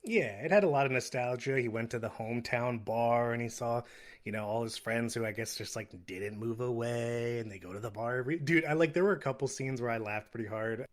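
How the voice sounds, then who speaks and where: A young man co-hosts a podcast in a relaxed, rambling way, chuckling often as he goes. His voice sits at an ordinary middle pitch and his delivery stays easygoing and conversational. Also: brisk. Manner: laid-back, chuckling, rambling storyteller. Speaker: podcast co-host. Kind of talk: casual chat.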